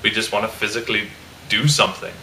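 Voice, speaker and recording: A man's voice: fairly low pitch, level tone, fast, pushed and bright, echoey room, a little hiss or hum, rough recording. A young man on a casual panel, giving jokey, rambling explanations about how guys think. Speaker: panel member. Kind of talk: casual opinion chat.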